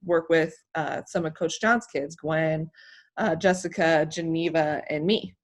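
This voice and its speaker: A woman from the United States, an athlete telling her story as an interview guest, emotional and animated, rambling with many fillers. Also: deep voice, measured pace. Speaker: interview guest, hammer thrower.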